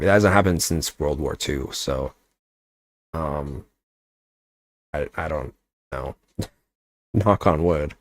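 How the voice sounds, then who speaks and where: Deep-voiced rambling guy streaming. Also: no room sound. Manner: rambling, filler-heavy, joking. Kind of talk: casual livestream chat.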